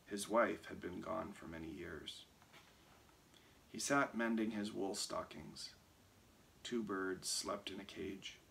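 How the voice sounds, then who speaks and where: A man reading a picture book aloud in an expressive, lively way. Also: low voice, takes it slowly, gravelly, long pauses. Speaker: reader.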